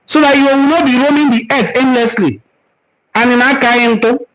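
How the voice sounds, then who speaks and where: Recorded roughly, this man's voice is very high-pitched and fairly bright, holding a steady tone at a normal speed. He has a Nigerian accent and hosts a cultural forum on a live stream, teaching and answering viewer comments in an earnest, preaching manner while repeating words for emphasis.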